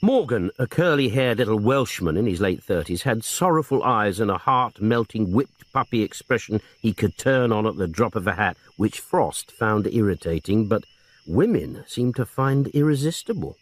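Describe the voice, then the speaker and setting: A man narrates a crime story with a dry, expressive storytelling manner. His voice is on the low side. His intonation rises and falls in lively swings. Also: normal speed. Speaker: reader. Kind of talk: scripted narration.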